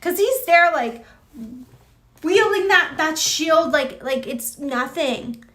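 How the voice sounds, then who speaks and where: High bright-voiced chatty woman streamer. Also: animated, slow pace. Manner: chatty, rambling, many fillers and restarts. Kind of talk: casual live chat.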